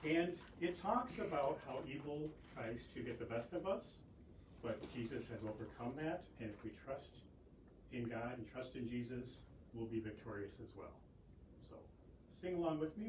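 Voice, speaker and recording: A man introduces a hymn in a casual, slightly halting way, his pitch moving lively up and down. He is heard from a distance in an echoey room with clear background noise. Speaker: church music leader. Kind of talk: introducing a song.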